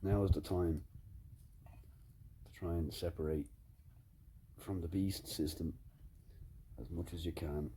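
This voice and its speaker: A man's voice: deep voice, fairly even intonation, takes it slowly, long pauses, warm tone, a little hiss or hum. A man giving a fireside monologue with emphatic, repetitive phrasing and occasional swearing. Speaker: commentator.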